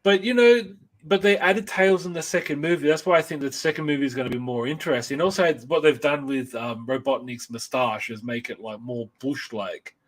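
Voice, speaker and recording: A man's voice: medium pitch, fairly quick. A man co-hosting a casual chat about comics and films, rambling and enthusiastic with many restarts. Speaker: podcast co-host.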